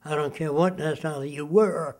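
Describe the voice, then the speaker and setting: Older man lecturing emphatically, fairly high. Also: fairly even intonation, brisk, darkish tone. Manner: lecturing, emphatic, asks rhetorical questions. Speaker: interviewee, futurist. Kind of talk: interview monologue.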